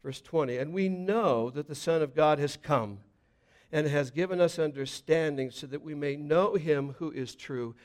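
A man delivering a sermon in a voice a touch higher than most men's. He moves between forceful, loud declarations and quiet, low asides as he works through scripture. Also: normal speed. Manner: preaching with swings from loud emphasis to hushed low passages. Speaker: pastor.

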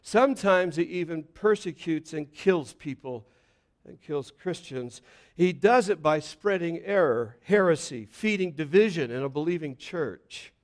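An expressive pastor, speaking a little slowly, reads scripture and explains it in his sermon, rising to loud, emphatic points and then dropping into quiet, low passages.

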